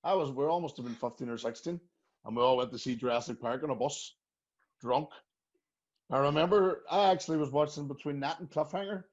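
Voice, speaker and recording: A man's voice: on the high side, brisk. A Northern Irish man hosting a casual podcast chat, telling stories and laughing often. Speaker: podcast host. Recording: muffled lo-fi sound.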